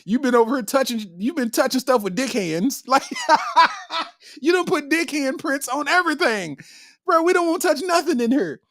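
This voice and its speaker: A man's voice: very high-pitched, expressive, normal speed, fairly bright tone, dry recording, studio quality. A man hosting a comedy podcast, riffing casually in heavy slang and laughing constantly between lines. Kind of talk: casual comedic chat reacting to viewer comments.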